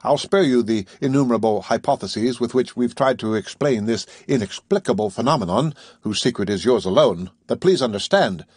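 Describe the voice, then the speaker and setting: A courteous, earnest scientist explains himself with care, as a male audiobook reader voices him. The tone is slightly husky at a middle pitch. The recording is dry, with no room around it. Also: expressive, normal speed, few pauses, a little mellow, no echo. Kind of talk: audiobook reading.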